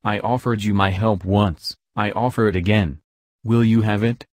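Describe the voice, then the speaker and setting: A man reading the lines of a spirited young woman, with sharp, teasing replies. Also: on the low side, steady tone, moderate pace, dry recording, clean studio sound, natural voice. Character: spirited young woman, bold and quick-witted.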